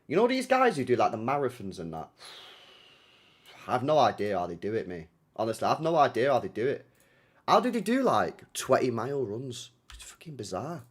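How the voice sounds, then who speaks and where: A man's voice: medium pitch, husky. A young man chatting casually to his live stream audience, rambling with slang, swearing and frequent laughter. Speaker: streamer hosting a football watchalong.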